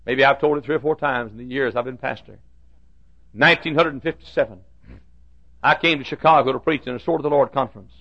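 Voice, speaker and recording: An older man, a pastor, telling a story from the pulpit with halting restarts and bursts of loud preaching. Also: medium pitch, gravelly. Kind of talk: sermon storytelling. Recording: dull lo-fi sermon recording.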